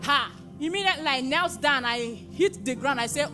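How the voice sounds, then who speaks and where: High-pitched young woman, emotional church testimony, bursts of excitement, music underneath. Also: moderate pace, few pauses. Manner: emotional, often rising to excited exclamations. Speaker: testifier at a prayer conference. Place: live church gathering. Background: music playing.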